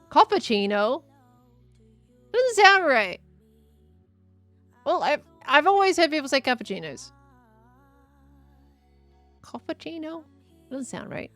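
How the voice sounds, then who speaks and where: A young woman streams and chats in a loose, rambling way, answering her chat and laughing easily. Her voice sits a little high. Quiet music plays faintly under her talk. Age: 20s. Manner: rambling, chatty, laughs often, reads chat aloud. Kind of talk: casual live-stream chat.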